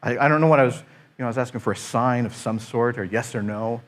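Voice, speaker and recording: A man's voice: mid-range voice, fast. A middle-aged man, a pastor, telling a personal story in a sermon, acting out his own exasperated thoughts.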